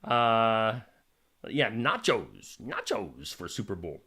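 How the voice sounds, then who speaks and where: A man's voice: fairly low pitch, huge pitch swings, slow pace, gravelly, pushed and bright, husky. A man from Iowa, hosting a casual live stream and chatting in a jokey way as he greets viewers.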